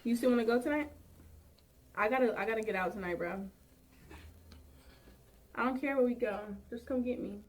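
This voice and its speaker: A woman's voice: a little high, normal speed, long pauses. A woman livestreaming, irritated and upset, venting to her viewers. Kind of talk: livestream talk to chat. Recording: distant sound from a played-back livestream.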